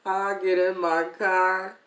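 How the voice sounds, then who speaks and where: A middle-aged woman telling a personal story to her viewers in a casual, animated way, calling them "y'all". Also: mid-range voice, takes it slowly. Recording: echoey room.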